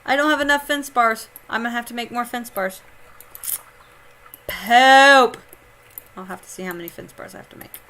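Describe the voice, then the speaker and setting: A woman's voice: a little high, quick pace, sharp tone. A woman from Indiana, chatting casually on a live stream while she plays a game, reading chat aloud and laughing often. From Indiana, United States.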